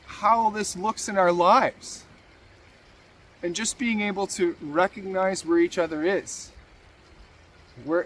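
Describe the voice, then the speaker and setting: A man's voice: high-pitched, a little hiss or hum. A man hosting a motivational talk, earnest and encouraging, repeating key phrases for emphasis. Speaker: podcast host.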